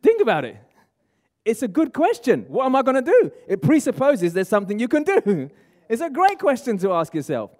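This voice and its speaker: A man giving a lively motivational seminar talk, asking the room and viewers at home questions. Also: very high voice, normal speed. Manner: energetic, coaching, asks the audience questions. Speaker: motivational speaker. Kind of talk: live seminar talk to room and online audience.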